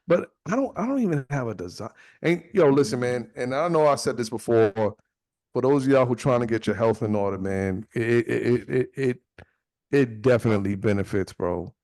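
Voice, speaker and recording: A man co-hosting a casual podcast, loud and excitable, joking and swearing as he talks. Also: medium pitch, moderate pace, no room sound, studio quality. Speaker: podcast co-host. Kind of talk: casual banter.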